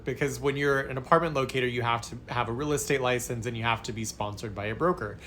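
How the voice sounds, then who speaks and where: A man casually telling a story from his past work, animated and expressive. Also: mid-range voice, fast talker, hardly any pauses, slight background noise.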